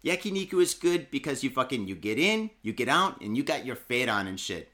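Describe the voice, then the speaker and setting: A man's voice: medium pitch, sing-song, fairly quick, bright, forceful tone. Rambling, foul-mouthed man on a podcast. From Michigan, USA. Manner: profane, rambling, heavy cursing and filler. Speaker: podcast co-host. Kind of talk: casual podcast monologue.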